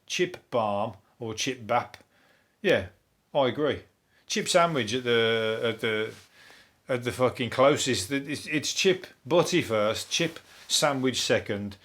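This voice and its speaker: A man, a comedian hosting a topical comedy podcast, ranting in a rambling, sweary, deadpan way. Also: mid-range voice. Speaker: comedian host.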